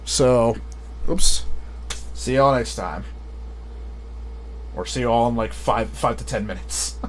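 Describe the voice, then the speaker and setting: A man's voice: medium pitch, takes it slowly, a little hiss or hum. A man chatting casually on a live stream, rambling and often laughing at his own jokes.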